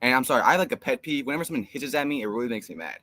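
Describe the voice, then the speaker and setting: In casual live stream chat for fans, this young co-host races through a rambling, exasperated story full of fillers. His mid-range voice has lively intonation and a sharp tone.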